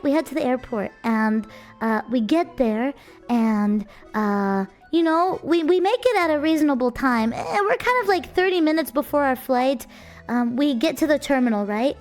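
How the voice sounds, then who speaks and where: A young woman with a notably high voice tells a story in an animated, casual streamer style. She keeps checking in with her listeners, and faint music plays behind her. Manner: animated, chatty, checks in with "right?".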